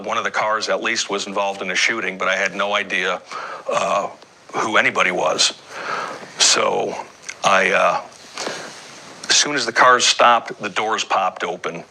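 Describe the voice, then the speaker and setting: A man, a police officer, recounting an incident in a halting way with frequent fillers and restarts. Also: lowish voice, pushed and bright, poor audio. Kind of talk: recorded interview testimony.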